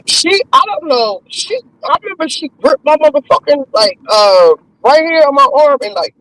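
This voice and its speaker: A woman's voice: high-pitched, animated, moderate pace, a bit bright, poor audio. A woman in casual chat, talking bluntly and with swearing about giving birth. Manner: blunt, profane, laid-back talk. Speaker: mother in a friends' chat.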